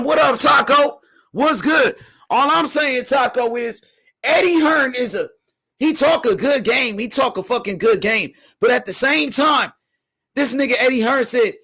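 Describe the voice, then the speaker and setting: A man with a strikingly high voice hosts a casual boxing commentary livestream. He rants heatedly and profanely, often shouting his questions, and stops to read viewer comments aloud. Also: normal speed, gravelly, husky.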